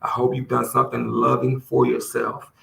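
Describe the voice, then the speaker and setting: Gravelly-voiced man, earnest and emotional. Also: mid-range voice, sing-song, a bit bright. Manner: earnest and emotional, halting with restarts. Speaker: podcast host. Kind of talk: heartfelt solo podcast talk. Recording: roomy echo with faint background noise.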